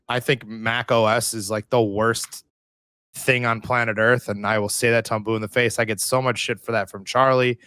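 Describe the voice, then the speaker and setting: A man co-hosting a podcast, telling stories in a loose, animated way and swearing often. His voice sits at an ordinary middle pitch, and the sound is close and dry with no room around it. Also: smooth, no echo. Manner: profane, animated storytelling. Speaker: podcast co-host. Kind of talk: casual chat.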